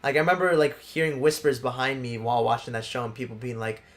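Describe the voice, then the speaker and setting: A man's voice: medium pitch, steady tone, fast. Young male let's play host, casual and rambling, close mic. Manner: rambling, filler-heavy storytelling. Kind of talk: casual gaming chat. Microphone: close desk mic.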